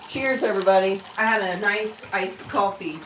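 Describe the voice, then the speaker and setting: A woman's voice: mid-range voice, moderate pace, background noise. A woman hosting a casual live stream, chatting with viewers and coaxing her pet bird in a fond, playful way. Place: at home. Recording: roomy, distant mic, faint running water.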